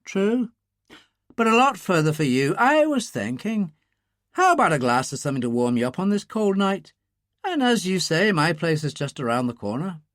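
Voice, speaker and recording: A man's voice: high-pitched, big pitch swings, moderate pace, fairly bright tone, no room sound, clean studio sound, voice pushed up. A man playing a flirtatious, teasing woman. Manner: playful and flirtatious. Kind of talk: audiobook character reading.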